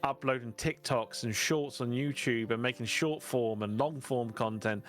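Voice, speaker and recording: Relaxed British man, playful guest. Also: mid-range voice, normal speed, soft background music. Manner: relaxed, playful, rambling with restarts. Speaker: guest VTuber. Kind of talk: casual interview chat.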